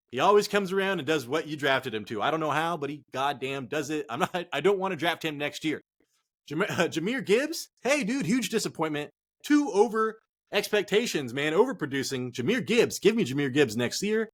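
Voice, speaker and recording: A man hosting a sports podcast, talking in an excitable, casual way, swearing often and calling listeners "dude" and "man". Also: fairly high pitch, moderate pace. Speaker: podcast host.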